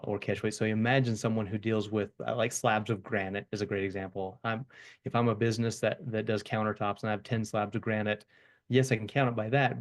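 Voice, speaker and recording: A man speaking as a software company guest in a webinar interview, explaining things in an earnest, upfront way with frequent repeats. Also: fairly low pitch.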